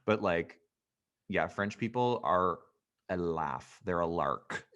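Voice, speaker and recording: A man from Canada with a fairly low voice, guesting on a podcast. He chats casually and tells jokey stories with campy flair. He is quick to mock himself. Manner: campy, animated, self-mocking storyteller. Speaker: guest comedian.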